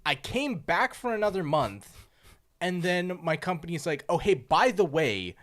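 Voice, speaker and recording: Podcast guy, relaxed chat, voice goes up and down a lot. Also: high voice, measured pace. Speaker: podcast co-host. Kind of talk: casual chat.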